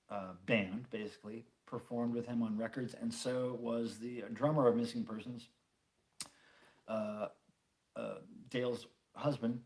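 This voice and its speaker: A man's voice: medium pitch, a little mellow. A middle-aged man hosting a casual livestream chat, reading viewer comments and rambling with many fillers and the odd swear. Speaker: livestream host.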